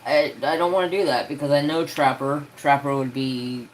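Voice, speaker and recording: A man's voice: mid-range voice, fairly even intonation, moderate pace, a little hiss or hum, rough recording. A man hosting a craft live stream, chatting casually and rambling easygoingly with many fillers.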